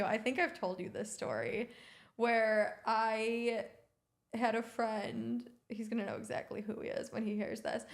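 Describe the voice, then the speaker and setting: A young adult woman co-hosting a podcast, telling stories casually and acting out what people said. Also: on the high side. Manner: animated storyteller, acts out quotes. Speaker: podcast co-host. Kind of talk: casual chat.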